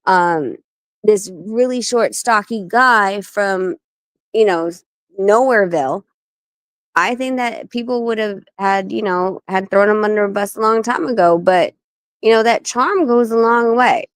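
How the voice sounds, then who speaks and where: A woman guest on a talk stream, speaking bluntly, swearing freely and telling stories quickly. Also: mid-range voice, dry recording. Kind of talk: casual talk-show chat.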